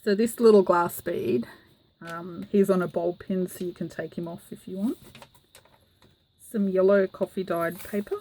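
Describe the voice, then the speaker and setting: A craft vlogger giggles and chats as she shows a handmade journal to the camera in a casual show-and-tell, using lots of fillers. Her voice is on the low side and mellow, with fairly even intonation and a measured pace, and the recording is rough.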